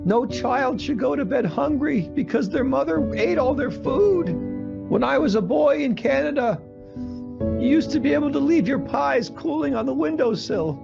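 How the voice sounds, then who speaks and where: Guy doing a weepy fussy pundit, high and gravelly, music under it, kinda lo-fi. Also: lively intonation, moderate pace, full character voice. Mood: anguished. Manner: anguished, apologetic rant. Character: weepy, fretful middle-aged male pundit, pompous. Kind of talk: comedic impression.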